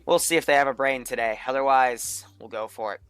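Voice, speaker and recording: Bright-voiced man giving casual game commentary. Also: mid-range voice, fairly quick, clear, resonant tone, no room sound. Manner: thinking aloud, offhand and profane. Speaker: game master running a multiplayer military game session.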